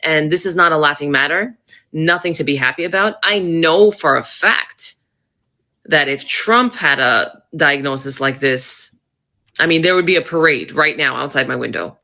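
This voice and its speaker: A woman's voice: deep voice, moderate pace, bright, forceful tone. Blunt, sarcastic woman in her thirties. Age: 30s. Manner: blunt, sarcastic, swears freely. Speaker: commentator. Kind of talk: heated political commentary.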